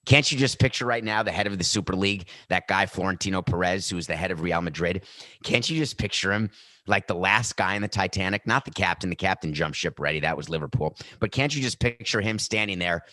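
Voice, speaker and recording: A man's voice: sits low, fast talker, sharp tone, dry recording, studio quality. Sarcastic male sports podcast host. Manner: sarcastic, mocking.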